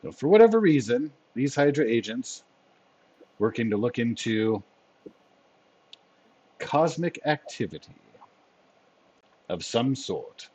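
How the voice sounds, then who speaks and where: A man narrating as game master of a tabletop role-playing game, in a relaxed way with fillers. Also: mid-range voice, slow, long pauses, husky.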